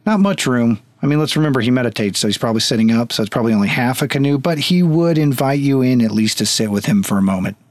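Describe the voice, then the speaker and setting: A man's voice: mid-range voice, expressive, fast talker, hardly any pauses, no room sound. Wry, joking male game master. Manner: wry, joking, casually profane. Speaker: game master and podcast host. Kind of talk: running a tabletop game, then patron thanks.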